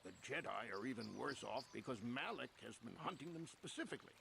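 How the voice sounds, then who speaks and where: An actor playing a chatty, helpful middle-aged farmer settler in a video game, with a folksy, rustic way of talking. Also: male voice, medium pitch, animated, a little fast, creaky, a bit bright. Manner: folksy, rustic, plain-spoken. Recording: game audio with background noise.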